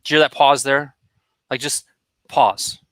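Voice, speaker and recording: Man, bright edge to the voice, dry sound, energetic marketing coach. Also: medium pitch, clear, resonant tone, no room sound. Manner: energetic, direct, coaching tone with quick asides. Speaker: marketing guest expert. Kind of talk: conversational coaching advice.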